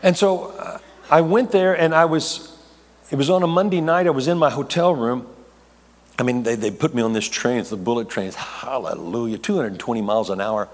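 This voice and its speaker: A man's voice: mid-range voice, normal speed. A man preaching, telling a personal story with jokes, restarts and repeated words. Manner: animated, rambling with repeated restarts, jokey asides. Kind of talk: storytelling sermon. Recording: long reverb of a large hall.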